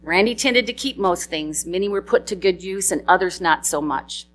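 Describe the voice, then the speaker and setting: A woman's voice: lowish voice, normal speed, over a noisy crowd. A middle-aged woman giving a eulogy for her husband, sharing fond, funny anecdotes and laughing through tears. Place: memorial service hall.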